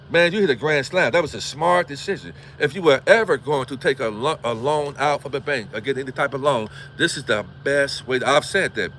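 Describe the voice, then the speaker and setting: A man hosting a livestream out of Gary, Indiana, preaches passionately, firing off rhetorical questions and cursing along the way. He speaks in a mid-range, fairly bright voice, and there's slight background noise.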